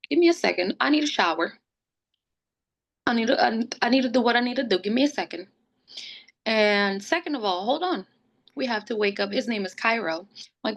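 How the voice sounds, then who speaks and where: A woman's voice: on the high side, creaky. A young woman, a podcast guest, telling a personal story casually and acting out what others said. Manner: animated, acts out quotes of others.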